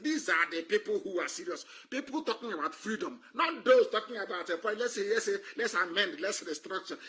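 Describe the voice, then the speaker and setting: A man from Nigeria, his high-pitched voice sharp and husky, gives a scornful, emphatic political monologue on a live stream. The speech is impassioned, with phrases repeated for effect.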